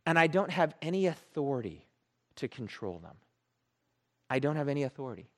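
A man preaching a sermon as a pastor, telling stories with animated, playful self-mockery. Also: mid-range voice, brisk.

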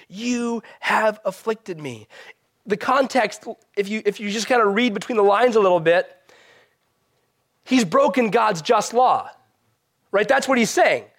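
A man preaching a sermon as a pastor, swinging between loud emphatic rises and quiet, soft drops. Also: high voice, a little slow.

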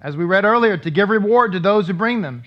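Rabbi guy giving a sermon, chatty, keeps asking the room stuff, high voice, muffled lo-fi sound. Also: lively intonation, fairly quick. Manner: conversational, asks the congregation questions. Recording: dull lo-fi recording.

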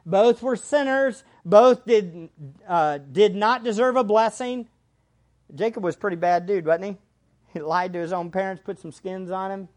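A man preaching a sermon as pastor, swinging between hushed asides and loud emphatic lines. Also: high-pitched.

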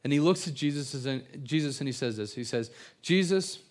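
A man's voice: medium pitch, fast talker, a little mellow. A man preaching an evening sermon, telling stories earnestly with frequent stammered restarts and repeated words. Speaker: pastor.

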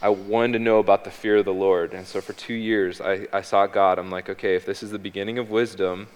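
A man's voice: on the low side, level tone, a little fast, clear, resonant tone. A man sharing a personal faith testimony as a guest, hesitant, with frequent ums and restarts, speaking on a stage. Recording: long hall reverb.

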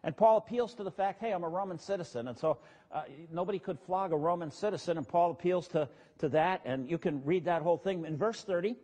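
A man's voice: high voice, brisk, darkish tone. A man preaching a conversational sermon as pastor, plain-spoken and casual, with asides to his congregation.

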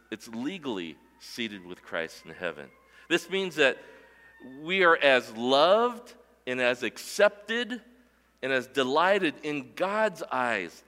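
A male pastor delivers a sermon at an unhurried, measured pace. His voice is bright and forceful, pressing hard on key words. It rings with the long reverb of a church hall. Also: medium pitch. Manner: emphatic preaching, slow and deliberate with rising and falling emphasis. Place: church worship center.

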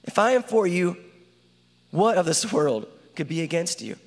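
A man's voice: high-pitched, sing-song, normal speed, full character voice. A man voicing God as a loving fatherly creator in a spoken-word dramatic monologue, talking earnestly and intimately to one listener. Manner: earnest, intimate direct address. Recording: long hall reverb.

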